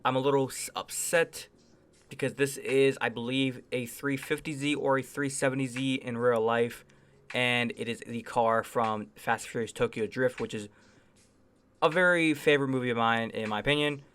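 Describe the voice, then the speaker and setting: A man's voice: mid-range voice, steady tone, normal speed, fairly bright tone, smooth. A man hosting a gaming channel, casually rambling through enthusiastic game reviews and hedging often with phrases like "I would say.". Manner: enthusiastic, chatty. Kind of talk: casual gameplay review commentary.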